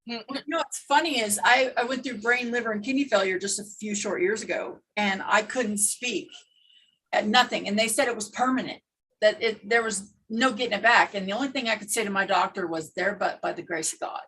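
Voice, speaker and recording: A woman's voice: mid-range voice, brisk, pushed and bright, breathy edge, low-quality recording. A woman in casual chat on a video call, telling a personal story earnestly with restarts. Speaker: participant in a craft video call.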